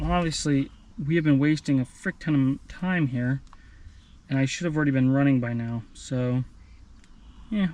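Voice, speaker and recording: Rambling sweaty man with a drawl. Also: fairly high pitch. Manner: rambling, jokey, self-deprecating. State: sweaty, out of breath after running. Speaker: vlogger. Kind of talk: casual running vlog.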